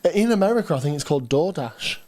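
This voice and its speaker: A man's voice: on the high side, animated, warm tone. Chatty young man co-hosting. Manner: chatty, quick agreeing "yeah, yeah". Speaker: co-host of a football watchalong stream. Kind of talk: casual chat.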